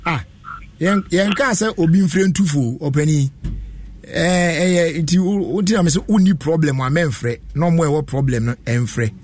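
Male call-in host, slightly high voice, measured advice, faint noise behind. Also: a little mellow. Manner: advising, measured.

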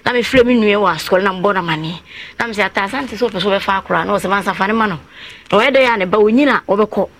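A woman, a guest on a talk show, tells a long family story, her voice set at a middling pitch. She winds through the events, now and then slipping into the voices of the people she quotes. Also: racing, a bit bright. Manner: long, winding telling that acts out others' words in quotes. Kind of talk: personal account on a talk show.

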